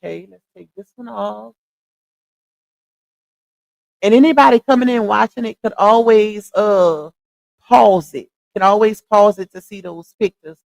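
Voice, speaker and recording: A woman's voice: mid-range voice, a little slow, gravelly, pauses often, darkish tone, no echo. Chatty Louisiana woman streaming live. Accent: Louisiana Southern. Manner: chatty, laughs often, talks to chat. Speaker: livestream host. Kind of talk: casual livestream chat.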